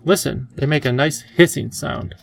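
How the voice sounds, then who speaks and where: A man voicing a wise, playful elderly male professor who talks in a gentle, enthusiastic teacherly way. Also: mid-range voice, normal speed, gravelly. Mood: kindly.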